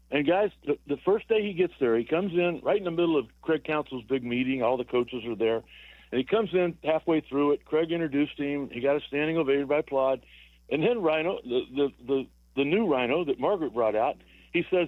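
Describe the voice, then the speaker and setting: Speaking briskly with a fairly high pitch, a retired baseball player in his sixties calls a sports radio program to tell rambling tales, repeating words and chuckling. The phone audio is tinny and dry, with no room sound.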